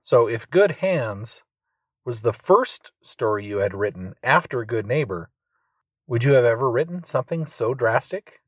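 A man's voice: mid-range voice, animated, unhurried, dry recording. Man reading a question in a dry room.

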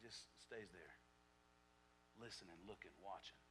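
A man preaching a sermon to his church, dropping to a near whisper and then rising to loud shouts, repeating phrases for emphasis. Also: sits low, unhurried, background noise. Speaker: pastor.

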